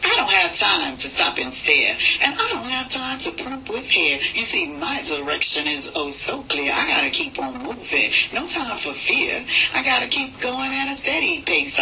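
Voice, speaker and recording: A woman's voice: fairly low pitch, pushed and bright, slight background noise, heavily acted, rough recording. A woman playing a confident, strutting New York street woman, reciting in a thick New York accent with a rhythmic sing-song delivery.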